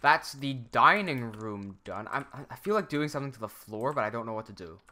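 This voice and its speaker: A man's voice: medium pitch, expressive, brisk, pushed and bright. A young man from Hong Kong with an American English accent, chatting casually on a livestream while reading out viewer comments. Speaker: streamer.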